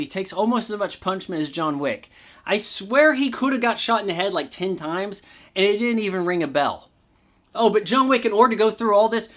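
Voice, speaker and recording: A man's voice: high-pitched, fairly bright tone. Sarcastic ranting man reviewing a film. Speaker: movie reviewer. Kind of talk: casual spoken movie review.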